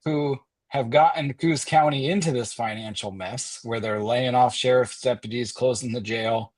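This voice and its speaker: A man's voice: mid-range voice, moderate pace, darkish tone, no room sound. A man co-hosting a live-stream chat, joking wryly and swearing casually.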